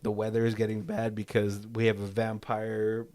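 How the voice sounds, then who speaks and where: A man with a fairly low voice chats loosely through a movie recap, laughing often as he goes. He slips into quick impressions of the characters while he tells the story. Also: monotone, a little mellow. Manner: laughs often, retells scenes in quoted voices. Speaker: podcast co-host. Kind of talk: casual movie commentary chat.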